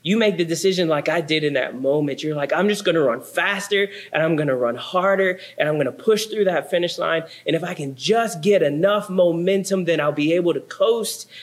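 A young adult man preaching a sermon, telling a story with laughs and sound effects. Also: on the high side. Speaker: pastor.

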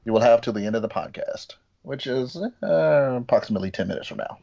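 A man's voice: medium pitch, lively intonation, a little fast, creaky, warm tone. Playful guy running a podcast quiz game, voice bounces around a lot, kinda muffled audio. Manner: playful, quizzing and explaining rules. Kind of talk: casual comedy podcast banter.

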